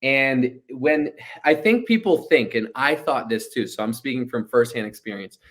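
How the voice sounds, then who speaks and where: A man in his thirties, a guest entrepreneur telling a story in a casual interview, animated and acting out what people said. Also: medium pitch, moderate pace.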